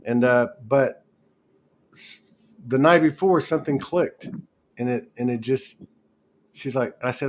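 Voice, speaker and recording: A man in a relaxed conversation, circling back on his words and stringing thoughts together with lots of "and" and "you know". He sounds average in pitch, and a faint hiss sits under his voice. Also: a little slow, pauses often. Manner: rambling, restarts often, laughs while telling stories. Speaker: host. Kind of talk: casual spiritual chat.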